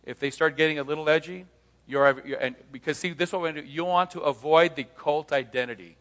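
A man's voice: a little high, brisk, a bit bright. Storytelling man in a reverberant hall. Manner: storytelling, acting out both sides of conversations, rhetorical questions. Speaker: speaker on leaving cults, former pastor. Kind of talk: live talk to an audience.

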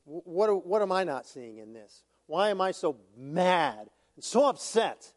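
A man preaching a sermon as pastor, conversational and lively, with humorous asides. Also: high-pitched, measured pace. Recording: long hall reverb.

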